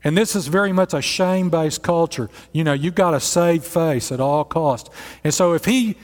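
A man in his sixties preaches a sermon, retelling a story in an animated, conversational way. His voice sits a little high for a man. A long hall echo follows every phrase. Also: moderate pace. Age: 60s. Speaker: pastor. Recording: echoey hall.

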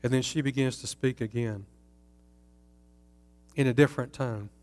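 A man's voice: mid-range voice, steady tone, normal speed, darkish tone. A man teaching from the Bible in a conversational way, putting rhetorical questions to his listeners. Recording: long reverb in a hall.

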